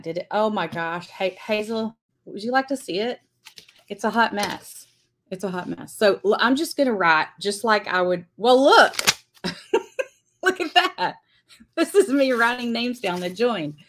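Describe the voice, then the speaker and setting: A woman teaching a live-streamed lettering class, chatting and greeting viewers by name as she writes. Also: on the low side.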